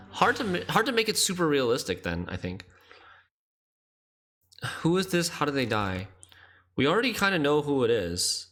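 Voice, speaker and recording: Brief: man, game streamer, chatty and bright, talks through puzzles aloud. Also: fairly high pitch. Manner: chatty, thinks aloud, laughs easily. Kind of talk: casual game commentary.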